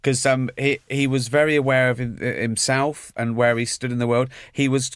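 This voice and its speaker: A man's voice: medium pitch, normal speed, clear, resonant tone, dry recording. Man telling stories in a dry voice. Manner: animated storyteller, acts out quotes. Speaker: comedian and guest. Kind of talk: anecdotal chat.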